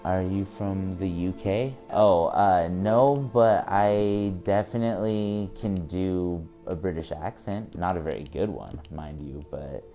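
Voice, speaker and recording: A man's voice: low-pitched, slow pace, few pauses, highs cut off, faint music behind. A man in his twenties from the United States, a live streamer chatting casually, laughing often and restarting his sentences. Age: 20s.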